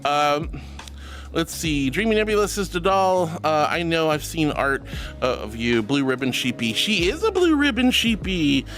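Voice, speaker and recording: Affectionate high-voiced male streamer. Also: big pitch swings, normal speed, a bit bright, faint music behind. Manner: affectionate, calls viewers sweetie and honey. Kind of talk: live stream chat reading.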